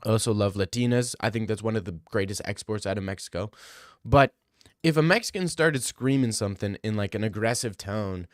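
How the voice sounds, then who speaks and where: A man's voice: on the low side, fairly quick, no echo, clean studio sound. A young man streaming, reading live comments in joking, rambling casual chat.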